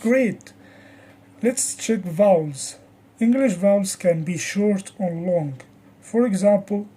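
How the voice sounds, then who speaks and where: Teacher, pronunciation drills, slow and careful delivery, warm dark tone. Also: mid-range voice, breathy edge, low-quality recording. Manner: slow, deliberate, over-articulates example words. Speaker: English teacher. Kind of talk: pronunciation lesson with repeat-after-me drills.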